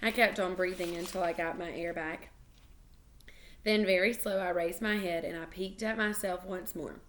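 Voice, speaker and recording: A woman reading a children's book aloud, expressive and animated, with small slips and restarts. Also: lowish voice, normal speed. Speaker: reader.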